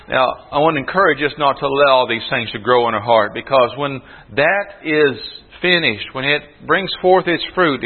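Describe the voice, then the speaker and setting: A man preaching a sermon to his congregation in an earnest, emphatic way. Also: on the high side. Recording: tinny phone-like sound with long hall reverb.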